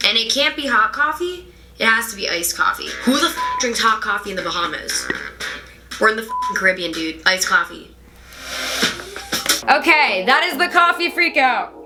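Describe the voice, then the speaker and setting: A woman's voice: on the high side, sing-song, normal speed, music in the background. A young woman chatting candidly as she reacts to scenes from her own show. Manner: candid, chatty, self-critical. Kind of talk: casual vlog commentary.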